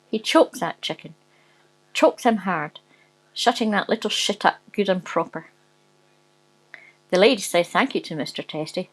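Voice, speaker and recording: On a low-quality recording, a woman with a fairly low-pitched voice reads out a rude comic tale. Giggles keep interrupting her as she laughs her way through it.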